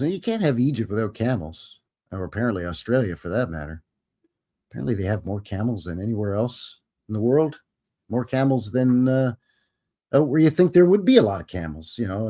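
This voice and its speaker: A man with a mellow, mid-range voice hosts a live show, chatting casually and greeting viewers by name.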